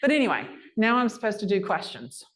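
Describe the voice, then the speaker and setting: A woman's voice: medium pitch, fast. A woman, a guest speaker telling brash, folksy stories on stage at a sales rally. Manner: brash, lively, folksy storyteller. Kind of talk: storytelling talk on stage.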